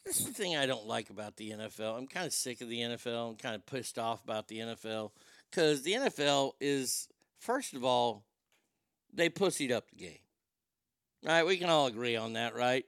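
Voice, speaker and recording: A man's voice: medium pitch, expressive, moderate pace, a bit bright, clean tone, dry recording, clean studio sound. A man hosting a comedy podcast, ranting off the cuff in a crude, rambling, self-mocking way. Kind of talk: improvised comedic rant.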